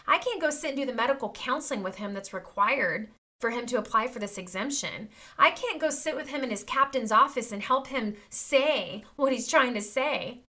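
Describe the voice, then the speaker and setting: A woman's voice: on the high side, lively intonation, moderate pace, pushed and bright. A woman in her thirties talking straight to her viewers in a personal vlog, emphatic and indignant, often calling them "you guys". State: near tears at times. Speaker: vlogger.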